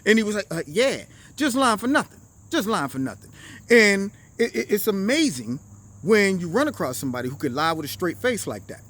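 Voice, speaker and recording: Animated high-voiced man. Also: a little hiss or hum. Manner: animated, slangy storyteller acting out quotes. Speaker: commentary show host. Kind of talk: casual political commentary and storytelling.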